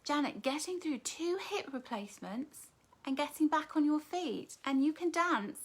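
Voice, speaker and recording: A woman's voice: high-pitched, lively intonation, moderate pace. Chatty Englishwoman hosting a live stream. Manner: warm, affectionate, calls viewers darling and my love. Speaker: author hosting a live book launch. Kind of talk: live-stream chat reading viewer comments.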